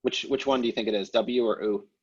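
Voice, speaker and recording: A man teaching a language class over a video call, explaining grammar in a relaxed way with many fillers and restarts. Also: medium pitch, fast, husky, highs cut off. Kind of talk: online class lecture.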